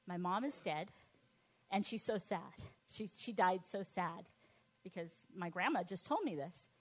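In a conversational testimony about her own life, a woman speaks haltingly, restarting and filling gaps with fillers. Her voice is mid-range and softens to a quiet hush at tender points.

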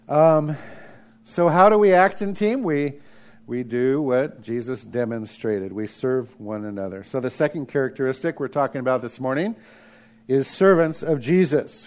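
A middle-aged man preaching a sermon as pastor, lively, sometimes dropping to a hush for emphasis. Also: medium pitch, moderate pace.

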